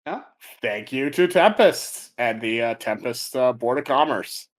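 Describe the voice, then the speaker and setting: A man with a medium-pitched voice co-hosts a podcast. He chats casually, animated and quick to laugh.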